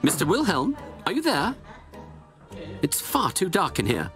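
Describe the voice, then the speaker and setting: A woman's voice: on the low side, huge pitch swings, measured pace. A woman voicing Sherlock Holmes, a confident male detective with a lofty, theatrical manner in a video game. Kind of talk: game voice acting. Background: game music.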